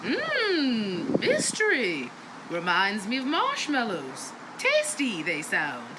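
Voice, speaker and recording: A woman's voice: fairly high pitch, huge pitch swings, slow pace, heavy background noise, full character voice. A woman voicing a wise old male walking-cane master who speaks in backwards, sage-like phrasing in a comedy sketch. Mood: dreamy.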